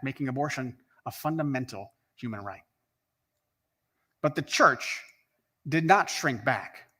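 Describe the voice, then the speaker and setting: A man's voice: a little high, a bit bright, slightly rough. A man. He is earnest and emphatic, and he stacks up repeated phrases to build momentum. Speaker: rally speaker. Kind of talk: scripted speech.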